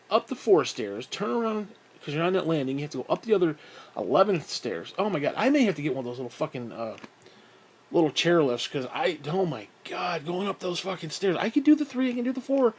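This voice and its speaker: A man's voice: fairly high pitch, slightly rough. A man telling a rambling story in a casual monologue, swearing often, exasperated and mocking himself, with frequent sighs. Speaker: vlogger.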